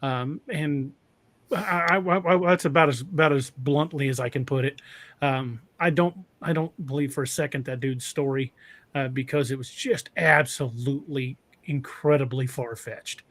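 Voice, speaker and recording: A man hosting a casual podcast conversation, halting and often restarting his sentences. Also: mid-range voice, a bit bright, no room sound. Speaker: podcast host.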